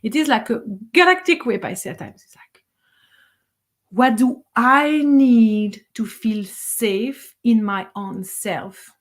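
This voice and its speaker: A woman's voice: on the high side, animated, slow. A middle-aged woman, a spiritual teacher, giving a blunt, fiery motivational monologue, swearing for emphasis and laughing between points.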